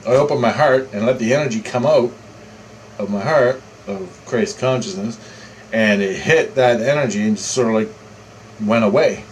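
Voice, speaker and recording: A man's voice: mid-range voice, normal speed, slight background noise, low-quality recording. A man telling a story in a casual, rambling way, repeating himself and swearing freely. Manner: rambling, repetitive, profane. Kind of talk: casual first-person storytelling.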